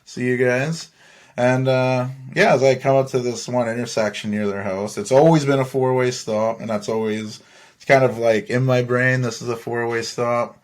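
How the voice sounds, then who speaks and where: A young man from Saskatchewan, Canada, telling a long story in a loose, rambling way. His voice sits at an ordinary middle pitch. He laughs often and swears freely. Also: fairly even intonation, normal speed. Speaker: podcast host. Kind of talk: casual storytelling.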